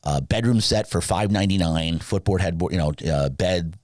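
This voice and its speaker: Deep-voiced man telling an animated story. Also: normal speed, dry recording. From Southern California. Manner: animated, acts out dialogue with big pitch jumps. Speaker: podcast guest, sleep business founder. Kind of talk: casual storytelling interview.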